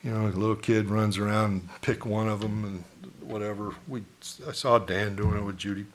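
A man's voice: fairly low pitch, fairly even intonation, fairly quick. A middle-aged man preaching a sermon as pastor, in a conversational way, asking the congregation questions and acting out townsfolk.

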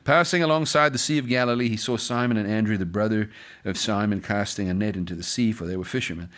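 A pastor reading scripture aloud during a sermon, breaking off often to comment and joke with the congregation. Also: male voice, on the low side, fast, a bit bright.

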